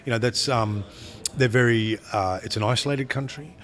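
A man, a film director, talking in an interview in a rambling, halting way, often repeating words as he searches for them. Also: mid-range voice. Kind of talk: interview conversation.

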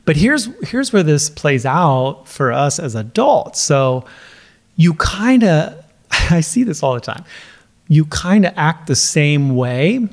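Middle-aged man, slightly high voice, casual solo podcast host and coach. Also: sing-song, slow. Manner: conversational, chatty, laughs now and then.

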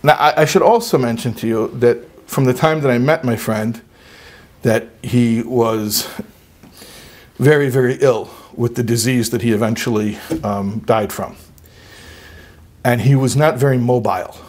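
A man telling a personal story in a sermon, animated and emphatic, sometimes dropping low and quiet for serious points. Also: a little slow. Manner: animated, jumps to high emphatic peaks. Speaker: religious speaker.

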